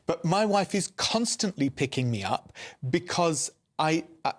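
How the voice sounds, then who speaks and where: A man's voice: on the high side, lively intonation, a little slow. A man from Scotland, a panelist on a talk show, telling a reflective anecdote in casual discussion.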